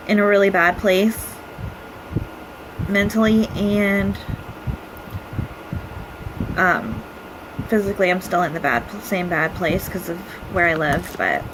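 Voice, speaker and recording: A young woman recording a personal video message to her partner, speaking in an emotional, halting way with many pauses as she holds back tears. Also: mid-range voice, noisy background. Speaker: vlogger.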